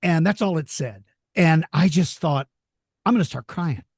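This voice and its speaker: A joyous, animated man spins stories for an interviewer, his voice sitting a little high for a man. The sound is dry and close, with no room around it, and he slips into excited kid voices as he tells them. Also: moderate pace, slightly rough, dry recording. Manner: animated storyteller, laughs easily, voices excited kids. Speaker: interview guest, dinosaur educator. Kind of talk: storytelling in a casual interview.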